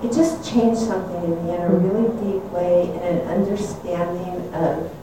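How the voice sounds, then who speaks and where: A woman's voice: on the low side, moderate pace, noisy background. Older woman telling a story in an echoey room. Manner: animated and candid, laughing at herself. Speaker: speaker sharing a personal story. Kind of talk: reflective personal storytelling. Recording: echoey room, mic at a distance.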